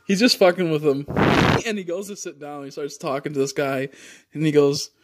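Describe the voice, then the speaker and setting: A man's voice: on the high side, steady tone, normal speed. A man livestreaming, chatting casually and rambling with many fillers and casual swearing.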